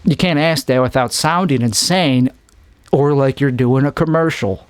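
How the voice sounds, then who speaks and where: A man's voice: mid-range voice, normal speed, dry recording. A man hosting his own podcast, rambling jokily through a solo monologue and acting out lines in put-on voices. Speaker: podcast host.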